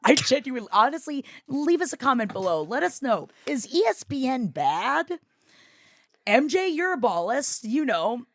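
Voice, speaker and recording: Woman co-host, lively storyteller, dry close mic. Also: high-pitched, moderate pace, dry recording. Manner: animated storyteller, shouts when reenacting. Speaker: podcast co-host. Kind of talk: casual chat.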